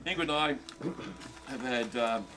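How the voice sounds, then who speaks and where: A man's voice: medium pitch, unhurried. A man, giving a loose, self-mocking birthday speech. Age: 60s. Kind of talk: party speech. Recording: busy party crowd loud behind.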